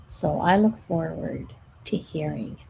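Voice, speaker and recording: Slow gravelly-voiced woman coach. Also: low voice, slight background noise, poor audio. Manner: gentle, coaching, sometimes drops almost to a whisper. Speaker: stress management coach. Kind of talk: live show monologue.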